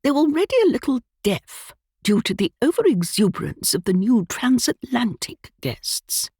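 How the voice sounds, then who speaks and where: A tart, sharp-tongued elderly lady of the manor, put on by a woman reading a storybook. She speaks higher than her reader's own voice, unhurried and cutting, with a breathy edge in a dry, close recording. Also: sing-song, no echo, exaggerated voice.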